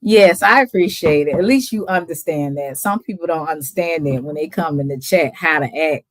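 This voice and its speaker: Laid-back woman streamer, low voice. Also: a little fast, dry recording. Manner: laid-back, chatty, laughs often. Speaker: livestream host. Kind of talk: casual livestream chat.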